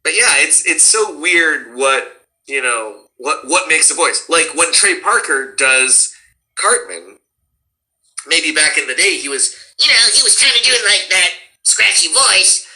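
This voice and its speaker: A man and cartoon voice actor chatting casually, animated and slipping into character voices as he explains them. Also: on the high side, a little slow, poor audio. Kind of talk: casual chat.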